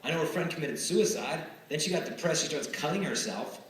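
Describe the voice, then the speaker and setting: A man's voice: a little high, fairly quick. A male speaker giving a live motivational talk to students, telling stories and acting out the exchanges in them. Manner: lively storytelling, acting out quoted exchanges. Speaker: chastity speaker at schools. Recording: echoey hall, far from the mic.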